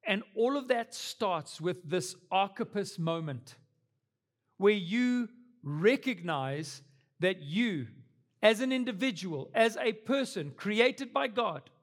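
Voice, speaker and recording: A man's voice: sits high, a bit bright. A young adult man preaching a sermon as pastor, earnest and building to emphatic peaks.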